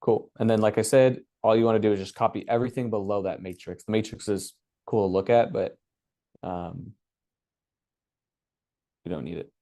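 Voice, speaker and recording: A man hosting a workshop, walking through his screen in a relaxed, casual way and thinking aloud with many fillers. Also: on the low side, normal speed, pauses often, no echo, clean studio sound. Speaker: workshop host. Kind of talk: casual screen-share walkthrough.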